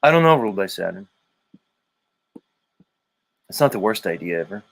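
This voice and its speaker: A man's voice: fairly low pitch, big pitch swings, moderate pace, vocal fry, pauses often, fairly bright tone, a little hiss or hum. A man hosting a casual livestream, reading viewer comments aloud, rambling and joking with profanity and humming to himself between comments. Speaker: livestream host.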